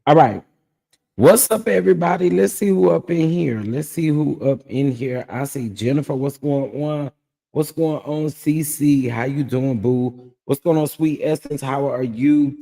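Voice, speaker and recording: A man's voice: mid-range voice, unhurried, vocal fry, mellow, big-room sound. A man with a scratchy voice, casually hosting a livestream and chatting with viewers by name. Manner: greets viewers by name, drawls "child" and "y'all". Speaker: livestream host recapping a reality show.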